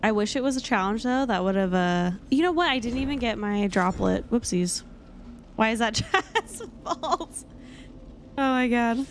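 A young woman streaming a game, chatting casually with her viewers, excitable and dramatic, laughing often. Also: on the high side, moderate pace, a little hiss or hum. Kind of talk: casual gameplay commentary.

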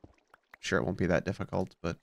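A man's voice: low voice, level tone, a little fast, creaky. A man commenting casually on his game as a let's play host, sleepy and just woken up, musing aloud with plenty of fillers.

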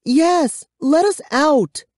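A brave, insistent young girl, as a man reading a storybook puts her on speaks high and urgent. The voice is pitched well up and the recording is close and dry. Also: steady tone, moderate pace, dark tone, no room sound. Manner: raised, pleading and insistent. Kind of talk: audiobook character voice.

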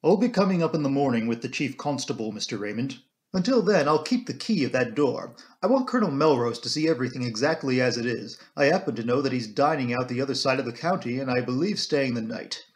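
A man voicing a brisk, self-assured male police inspector in an audiobook, matter-of-fact and blunt. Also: medium pitch, lively intonation, natural voice. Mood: confident.

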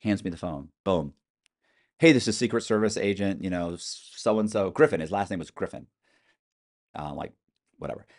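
A middle-aged man telling animated stories as a podcast guest, acting out quoted voices with some swearing. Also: sits low, moderate pace, pauses often. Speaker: interview guest. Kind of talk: storytelling in a podcast interview.

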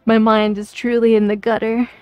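A woman's voice: on the high side, level tone, normal speed, darkish tone, smooth, dry recording. A woman streamer chatting casually while she plays a game, playful and rambling, often giggling.

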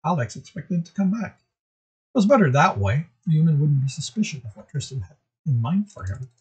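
A man's voice: a little high, sing-song, normal speed, husky, low-quality recording. A man reading a chapter of his own novel aloud, casual, with occasional stumbles.

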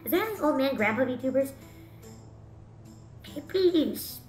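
A woman's voice: sits high, animated, unhurried, darkish tone, echoey room, soft background music. A woman streaming as a VTuber, chatting goofily through a game with jokes and the odd swear. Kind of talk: gameplay commentary.

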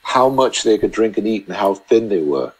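A low-pitched man talks casually as a podcast guest. He rambles through his stories, stopping and restarting his sentences as he goes. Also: animated, darkish tone, breathy edge, poor audio. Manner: rambling, halting anecdotes full of restarts. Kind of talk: casual storytelling chat.

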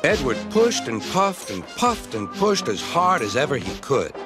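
A man narrating a children's story aloud with lively, animated storytelling. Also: mid-range voice, measured pace, music in the background.

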